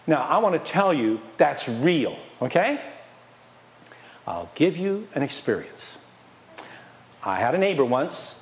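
Animated male pastor preaching. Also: on the high side, slow pace, pauses often. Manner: animated, questions the congregation, swings from loud to quiet; playfully mocks excuses in a whiny put-on voice. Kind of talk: sermon.

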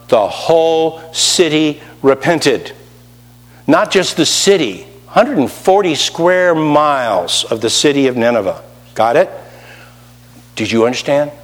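A man preaching a sermon, animated, with rising emphasis and rhetorical questions. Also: a little high, in a large hall.

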